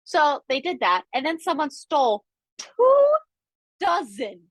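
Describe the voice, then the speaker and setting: A woman's voice: high voice, slow, no room sound, low-quality recording. A woman co-hosting a podcast, telling a funny story in casual chat with lots of asides. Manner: animated, chatty, with frequent asides. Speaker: podcast co-host.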